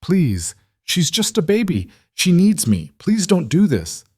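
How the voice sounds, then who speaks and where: A man's voice: lowish voice, lively intonation, brisk, no echo, studio quality. A man voicing a desperate young mother who pleads frantically to keep her daughter. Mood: pleading.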